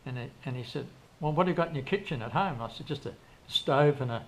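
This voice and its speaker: A man's voice: mid-range voice, fast. An older man, telling long, rambling stories as an interview guest, full of restarts and quoted dialogue. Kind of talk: casual storytelling in an interview. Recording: faint background noise.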